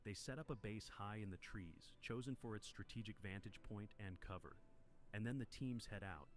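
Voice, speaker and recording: Casting: male narrator, very low voice, steady dramatic storytelling, faint hiss. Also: moderate pace.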